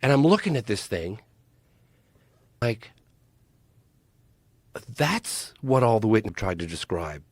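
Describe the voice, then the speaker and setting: Animated male storyteller, lively pitch. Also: takes it slowly, long pauses, slightly rough, dry recording. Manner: animated, emphatic storyteller with many restarts. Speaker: podcast guest, documentary filmmaker. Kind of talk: casual podcast storytelling.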